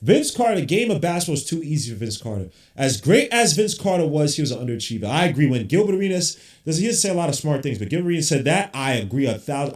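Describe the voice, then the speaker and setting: A man's voice: a little high, sing-song, fast talker, hardly any pauses. A man hosting a basketball podcast, reacting live to a game with blunt, frustrated, cursing rants. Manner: blunt, frustrated fan ranting, swears casually. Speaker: podcast host. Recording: roomy echo.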